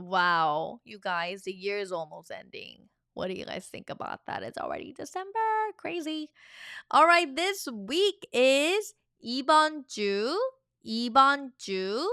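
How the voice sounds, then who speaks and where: A woman's voice: medium pitch, pushed and bright, clean tone, no room sound, clean studio sound. A young woman teaching a vocabulary lesson, chatty and encouraging, repeating each word three times for the learner to copy. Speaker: Korean language teacher.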